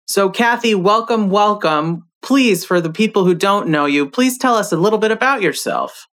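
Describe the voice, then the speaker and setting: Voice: mid-range voice, expressive, moderate pace, a bit bright. An American co-host welcoming a guest and asking questions in an eager, appreciative way. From United States. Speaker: podcast co-host.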